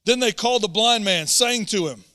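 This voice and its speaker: A man's voice: high-pitched, moderate pace, sharp tone. A man preaching a sermon as a pastor, earnest and emphatic, often repeating words as he presses a point. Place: church auditorium. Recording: long church hall reverb.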